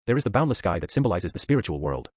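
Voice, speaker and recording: A man reads as a calm, enchanting woman spirit medium who guides a listener in soft, hypnotic tones. The voice sits very low and a touch husky, with a lively rise and fall. The sound is dry and close. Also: very fast, no echo.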